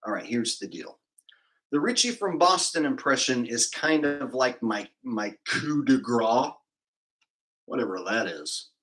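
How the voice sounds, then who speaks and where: A man's voice: mid-range voice, animated, a little slow, fairly bright tone, low-quality recording. A man livestreaming, chatting casually and jokingly with his viewers in a rambling, off-the-cuff way. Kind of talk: casual chat with live viewers.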